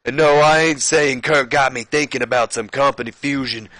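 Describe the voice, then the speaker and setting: A brash male wrestler brags and taunts in a loud, swaggering drawl, as a game commentator puts him on. The voice is bright, forceful and pitched above the speaker's own. It sounds close and dry. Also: fairly even intonation, normal speed, no echo, close to an everyday voice. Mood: boastful. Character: brash, boastful male wrestler cutting a promo.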